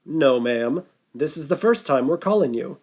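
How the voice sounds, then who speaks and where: A man's voice: fairly high pitch, lively intonation, normal speed, a little mellow. A man voicing a fumbling male phone scammer who reads stiffly from a script. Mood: insistent.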